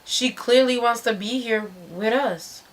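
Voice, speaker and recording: A woman voicing a smug man who makes calm threats. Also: on the high side, unhurried, distant mic, close to an everyday voice. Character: smug, threatening male pimp.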